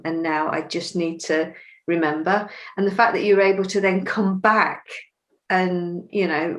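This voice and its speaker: A woman's voice: fairly low pitch, rough recording. A woman hosting an interview, asking questions and encouraging her guest.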